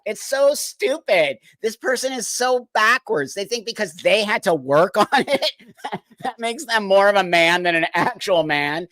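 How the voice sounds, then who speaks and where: A man's voice: high voice, lively intonation, measured pace, bright, forceful tone, dry recording. A man hosting a livestream, reacting to clips with incredulous, exasperated commentary and frequent laughter. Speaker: livestream host.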